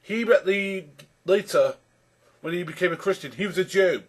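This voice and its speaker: A man's voice: high-pitched, normal speed. Exasperated man rebutting an opponent. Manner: exasperated, addresses his opponent directly by name; repetitive restarts while building a point. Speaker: YouTube commentator rebutting a video. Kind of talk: argumentative response commentary.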